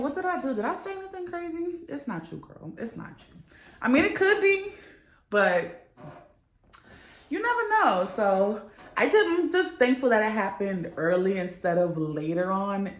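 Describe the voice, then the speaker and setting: A woman's voice: mid-range voice, reverberant, a little hiss or hum. A young woman vlogging in a casual, candid chat, swearing freely as she tells a story. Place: New York.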